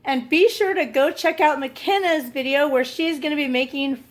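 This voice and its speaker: A woman's voice: sits high, normal speed. A woman hosting a casual family vlog, gushing and encouraging in a motherly way. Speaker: family vlog host, parent.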